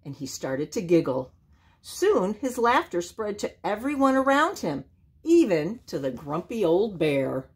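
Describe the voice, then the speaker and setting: Slow, expressive older woman storyteller. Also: medium pitch, breathy edge. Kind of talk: children's storybook read-aloud.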